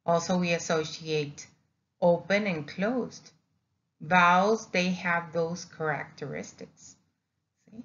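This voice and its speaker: A woman's voice: fairly low pitch, slow pace, a bit bright. A woman teaching a lesson on Spanish vowels, explaining patiently and sounding out each vowel, with Spanish as her first language. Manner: explanatory, repeats words, demonstrates vowel sounds. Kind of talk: recorded classroom lesson. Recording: dull lo-fi recording.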